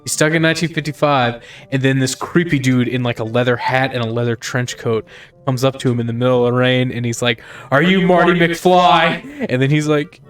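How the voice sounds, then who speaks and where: A young man hosting a let's play in casual gaming chat, an animated storyteller who swears casually. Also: medium pitch, fast, soft background music.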